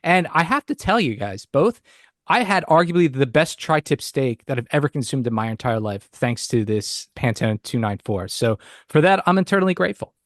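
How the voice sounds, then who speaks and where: A man's voice: mid-range voice, big pitch swings, moderate pace, no room sound, studio quality. A man hosting a baseball podcast in casual chat, playful and mock-indignant with his co-hosts. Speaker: podcast host.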